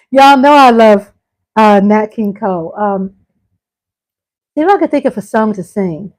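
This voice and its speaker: A woman's voice: high-pitched, expressive, measured pace, pauses often, a little mellow, no room sound, poor audio. A middle-aged woman hosting a casual live stream. She reads out viewer comments and chats back to them, calling her viewers y'all and breaking into exclamations.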